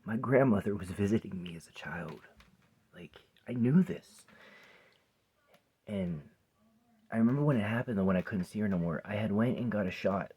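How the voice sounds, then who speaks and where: Husky low-voiced man telling a rambling story. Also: normal speed, long pauses, mellow. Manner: rambling, swears often, drops to a near whisper at times. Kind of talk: casual personal storytelling to camera. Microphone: phone or camera close by.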